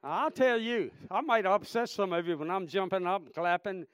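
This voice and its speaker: A man preaching a revival sermon, swinging between shouted praise and hushed storytelling. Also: sits high, brisk, clean tone, no echo. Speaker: traveling preacher.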